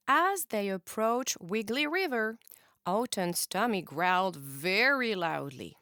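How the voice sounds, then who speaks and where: A woman teacher reads a children's picture book aloud, her pitch swinging widely with expressive energy. She reads slowly and clearly in a bright, crisp tone. The recording is close and dry. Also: no echo. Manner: expressive and animated. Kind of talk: children's storybook read-aloud.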